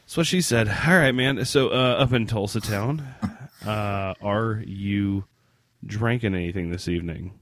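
A man with a low, deep voice hosts a loose, casual podcast conversation. He jokes, swears often and sounds stuffed up through the nose. The sound is dry and close to the mic. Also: a little slow, a bit bright, no room sound. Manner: profane, joking, laughs often. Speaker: podcast host. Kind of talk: casual chat.

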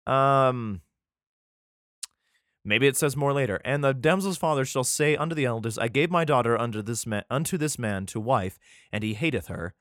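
An animated man reads archaic scripture aloud, tripping and restarting on the old wording. Between verses he drops into casual, irreverent commentary full of swearing and jokes, his pitch leaping around freely. The sound is dry and close. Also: fairly quick, dry recording. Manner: irreverent, swearing, joking asides; stumbles and restarts while reading archaic text. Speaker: vlogger reading scripture aloud.

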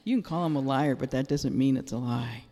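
A man's voice: mid-range voice, a little fast, mellow. A man sharing a prophetic word at a prayer meeting, emphatic and repetitive. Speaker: prayer minister. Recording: echoey room with long reverb.

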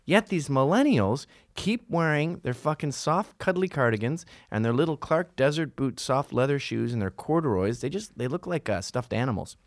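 A middle-aged man delivering a solo podcast monologue in a profane, sarcastic rant. His voice sits in an ordinary middle pitch and sounds dry and close in a studio. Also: lively intonation, normal speed, hardly any pauses, no room sound. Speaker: podcast host.

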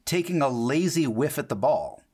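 A man's voice: mid-range voice, sing-song, normal speed, a little mellow. Pointed, teasing man on a podcast. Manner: pointed, teasing, steers the talk. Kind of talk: casual film podcast chat.

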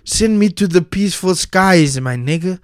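Young South African guy, casual solo rant, cursing freely, slightly high voice, dry close recording. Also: expressive, normal speed, dry recording. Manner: profane, heated, slangy rant. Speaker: commentator.

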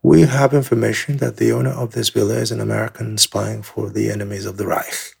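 Severe military commander, stern, formal, man reading, raspy, low. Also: little pitch movement, brisk, a little mellow, full character voice. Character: severe one-armed male commanding officer.

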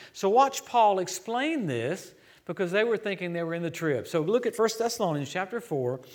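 A man with a notably high voice preaches with an American accent. He delivers his sermon in a lively, joking way that swings up into sudden loud bursts. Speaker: guest preacher.

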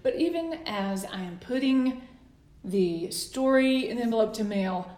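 A woman in her forties, an author being interviewed, telling her story with lively acted-out asides. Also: fairly high pitch, unhurried. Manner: animated storyteller, acts out quoted letters. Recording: roomy echo.

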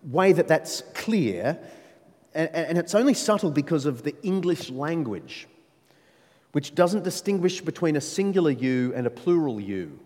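Animated man preaching in a hall. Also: on the high side, a little slow. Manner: animated, emphatic, with playful asides to the audience. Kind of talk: sermon. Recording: long reverb of a large hall.

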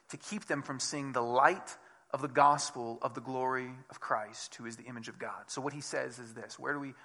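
A man preaching a conversational sermon as a pastor, acting out quoted voices with big jumps in loudness. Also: medium pitch.

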